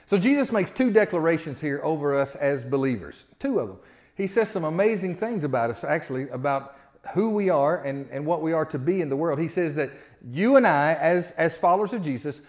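Conversational preacher leading a congregation. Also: male voice, on the high side, lively intonation. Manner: conversational preaching, leads call-and-response; slows down when reading scripture. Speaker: pastor. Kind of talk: sermon.

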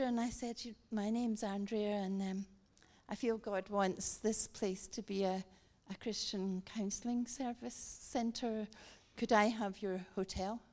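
A middle-aged woman giving a guest sermon, telling a story with animated emphasis and emphatic repetition. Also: mid-range voice. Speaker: guest speaker.

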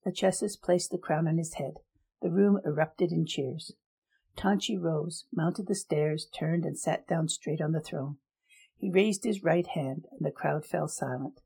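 A woman narrating a story in a steady, even reading. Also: sits low, measured pace, gravelly, slightly rough.

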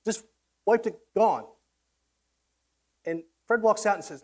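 A man's voice: sits high, takes it slowly. A man preaching a sermon in a casual, conversational way, acting out quoted voices and often restarting his sentences. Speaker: pastor.

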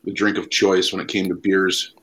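A man's voice: low voice, level tone, normal speed, a bit bright, rough recording. A man co-hosting a casual podcast chat in a laid-back, wry way. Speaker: podcast co-host.

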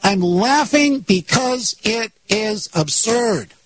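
Husky, high-voiced sarcastic radio host man. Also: lively intonation, slow, rough recording. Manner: sarcastic, mocking, with bursts of laughter. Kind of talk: political commentary.

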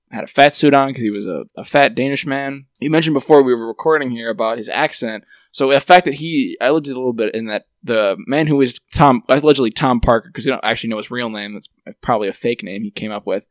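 A man's voice: mid-range voice, fast, no room sound. A man hosting a podcast in casual chat, rambling and joking as he talks. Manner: rambling, joking, laughs often. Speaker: podcast host.

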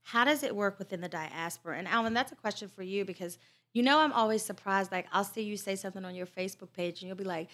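A woman co-hosting a casual panel discussion, lively and prompting the others with questions. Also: medium pitch, quick pace. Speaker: podcast co-host.

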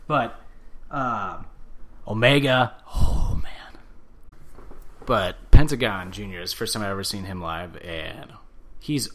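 A man co-hosting a casual chat, excitable, acting out quotes in loud bursts. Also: fairly low pitch, takes it slowly, pauses often. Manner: excitable, acts out quotes loudly.

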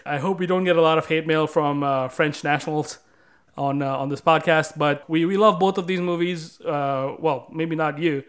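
A man's voice: fairly high pitch, steady tone, moderate pace, smooth. A man hosting a casual podcast, upbeat and chatty, closing out the episode with sign-off lines. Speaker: podcast host.

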